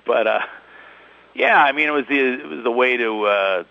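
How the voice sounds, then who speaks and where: A man's voice: lowish voice, moderate pace, vocal fry, pauses often, pushed and bright, no room sound, highs cut off. A middle-aged man with a Philadelphia accent, guesting as a comedian on a radio show, firing off jokes and laughing mid-sentence. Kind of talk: joking radio interview.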